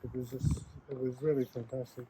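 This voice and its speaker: A man's voice: mid-range voice, level tone, brisk, noisy background. Rambling older man reminiscing. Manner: rambling, repeats words and restarts sentences, chuckles often. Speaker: host. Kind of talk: casual reminiscing chat.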